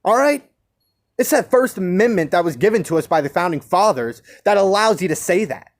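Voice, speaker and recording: A man's voice: sits high, lively intonation, brisk. A young man ranting alone about division and free speech, impassioned, firing rhetorical questions and restarting his phrases. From United States. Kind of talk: solo rant.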